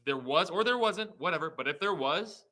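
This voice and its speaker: Male guest, bright forceful voice, emphatic, slightly high pitch. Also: expressive, moderate pace, poor audio. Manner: heated, emphatic, rising to indignation. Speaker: state representative guest. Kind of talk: political interview.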